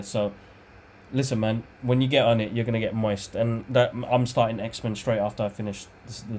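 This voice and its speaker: A man's voice: fairly low pitch, slight background noise. A man co-hosting a podcast, rambling casually about old cartoons and calling his brother "bro". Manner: relaxed, rambling, says "bro" a lot, self-correcting. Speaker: podcast co-host. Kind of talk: casual chat.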